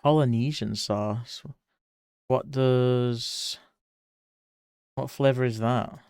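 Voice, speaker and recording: British guy streaming while he draws, smooth clean voice, dry close sound, chats back to viewers. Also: mid-range voice, steady tone, very slow, a little mellow, no echo. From Britain. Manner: reads chat aloud and answers viewers by name, chatty. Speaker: art streamer. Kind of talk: casual livestream chat while drawing.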